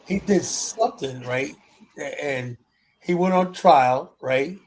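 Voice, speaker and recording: A man's voice: a little high, slow pace, darkish tone, slight background noise, low-quality recording. A man in a casual group conversation, recounting a film he half remembers and trailing off as he restarts. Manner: rambling recollection, trails off and restarts.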